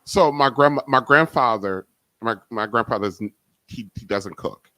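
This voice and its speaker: A man co-hosting a live cooking show, telling a family story in a relaxed way, laughing along and saying "you know" often. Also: medium pitch, moderate pace, no room sound. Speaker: co-host. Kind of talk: casual storytelling.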